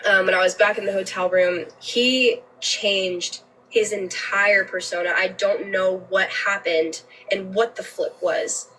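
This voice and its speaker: A woman's voice: mid-range voice, steady tone, a little slow, bright, forceful tone, distant mic, slight background noise, low-quality recording. A woman telling a personal story on a livestream, emotional and candid, swearing freely and often restarting her sentences.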